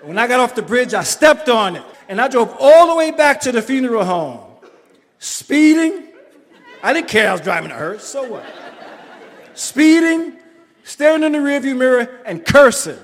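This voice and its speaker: A man from the Bronx telling a story on stage, animated and acting out the voices of the people in it. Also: extremely high pitch, normal speed, in a large hall. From the Bronx, New York.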